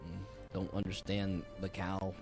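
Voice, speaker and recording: A man's voice: sits low, completely flat delivery, unhurried, gravelly, over music. A man narrating a tabletop game as game master in a laid-back, hesitant way.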